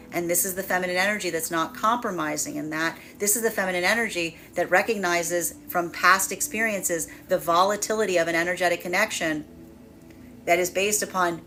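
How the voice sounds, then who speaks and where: A woman's voice: fairly low pitch, brisk, sharp tone, slight background noise. A woman tarot reader giving a livestreamed collective reading, speaking in flowing, repetitive, emphatic phrases.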